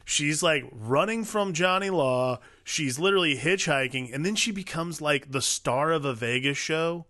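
A man's voice: a little high, moderate pace, sharp tone, no room sound, studio quality. A man co-hosting a casual film podcast, talking in a wry, sardonic way. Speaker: podcast co-host.

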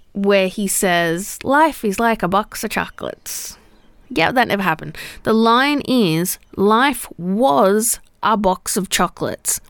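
A woman's voice: medium pitch, dry recording. A woman hosting a solo podcast in a casual, chatty way, often laughing and asking the listener "right?". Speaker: podcast host.

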